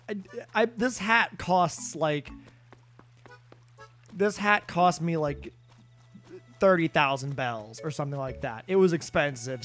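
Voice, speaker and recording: A man's voice: fairly high pitch, fairly bright tone. A man live-streaming a video game, chatting casually with viewers in a rambling, self-deprecating way. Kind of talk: casual live-stream chat while gaming.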